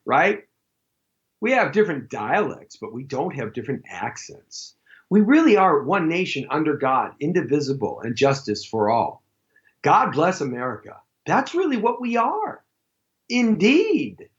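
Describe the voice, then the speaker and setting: A man hosting a live talk show, rambling through a jokey monologue with sudden loud outbursts. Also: fairly high pitch, very animated, normal speed, highs cut off.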